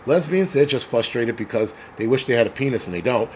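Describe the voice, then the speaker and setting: A man's voice: medium pitch, expressive, brisk, a little mellow, a little hiss or hum. A man hosting a crude, angry livestream rant, mocking people as he goes. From New York. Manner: angry, crude, mocks others in put-on voices. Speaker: host.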